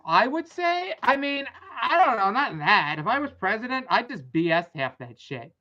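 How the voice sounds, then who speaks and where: A woman's voice: on the high side, big pitch swings, normal speed, bright, forceful tone. A young adult woman hosting a casual rambling commentary, blunt and exasperated, swearing freely. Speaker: vlog host. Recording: dull lo-fi audio.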